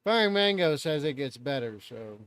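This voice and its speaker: A man's voice: a little high, big pitch swings, normal speed, a bit bright, no echo. A man hosting a live stream, reacting in loose, chatty talk and swearing freely.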